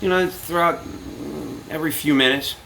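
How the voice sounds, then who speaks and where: A man's voice: a little high, normal speed, vocal fry, a little hiss or hum, low-quality recording. A man telling a story casually to his viewers, cursing freely and acting out what people said. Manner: animated, profane, acts out quotes. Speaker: vlogger.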